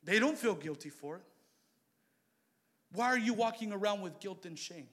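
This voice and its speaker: Male preacher, high voice, bright tone, shouts then drops low, sermon. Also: lively intonation, moderate pace. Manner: swings from loud shouted exhortation to quiet intimate asides.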